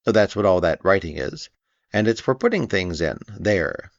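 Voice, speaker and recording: A man's voice: low-pitched, sing-song, moderate pace. A man voicing a cheerful, simple young male teddy bear who speaks eagerly, in a storybook reading. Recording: dull lo-fi recording.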